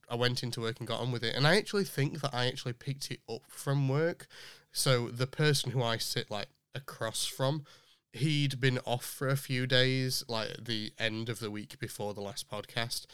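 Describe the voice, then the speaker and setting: Chatty man, smooth dry voice. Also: mid-range voice, a bit bright, no echo. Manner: chatty, rambling with many fillers and restarts. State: voice still rough from illness. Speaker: podcast host. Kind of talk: casual chat.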